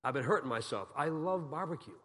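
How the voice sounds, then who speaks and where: A man's voice: on the high side, animated, a little fast, a bit bright, slightly rough. A man from Massachusetts giving a guest sermon as a pastor, telling folksy, joking stories and asking the congregation questions.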